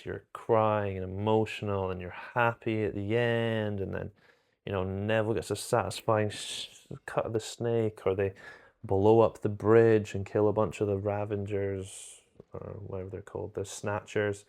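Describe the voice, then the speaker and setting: A man's voice: lowish voice, vocal fry, a little mellow. A man chatting casually and enthusiastically to camera about films, rambling and correcting himself as he goes. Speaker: film reviewer.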